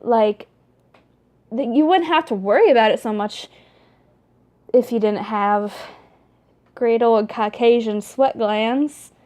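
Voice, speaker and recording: Chatty young woman vlogging, bright-pitched. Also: takes it slowly, long pauses. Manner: chatty and rambling, many fillers and restarts; animated, talks with her hands. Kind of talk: casual vlog talk to camera.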